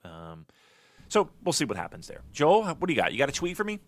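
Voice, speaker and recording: A man co-hosting a casual podcast, telling profane stories and mimicking his wife in a high voice. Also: wildly swooping pitch, brisk. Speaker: podcast co-host. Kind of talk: casual chat, profane storytelling.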